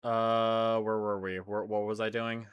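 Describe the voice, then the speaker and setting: A man's voice: lowish voice, unhurried, clean tone, highs cut off. A man streaming a game, chatting casually and jokingly, breaking off mid-sentence and restarting. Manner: jokey, excitable, trails off mid-sentence. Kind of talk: casual live-stream commentary.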